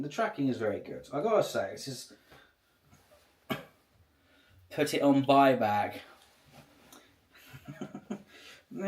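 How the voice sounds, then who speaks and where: Guy rambling on his stream, swears loads, mid-pitched voice, echoey room. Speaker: livestreamer. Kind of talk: casual livestream chat.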